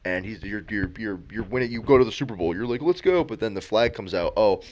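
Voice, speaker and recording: A young man co-hosting a podcast, chatting casually with friends and acting out quotes with big jumps in his voice. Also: fast. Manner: animated storyteller, acts out quotes with big pitch jumps. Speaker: podcast co-host. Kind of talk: casual chat among friends.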